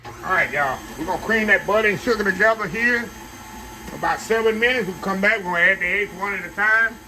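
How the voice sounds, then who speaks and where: A man's voice: high-pitched, fast. A man hosting a casual cooking demonstration in his kitchen, talking folksy and keeping the viewers close. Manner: folksy, keeps addressing viewers as y'all. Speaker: cooking show host.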